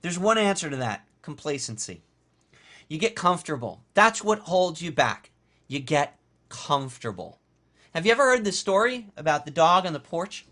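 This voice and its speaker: A man's voice: a little high, big pitch swings, normal speed, pushed and bright. A man teaching a motivational course, speaking emphatically and repeating key phrases. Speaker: course instructor. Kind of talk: motivational lecture.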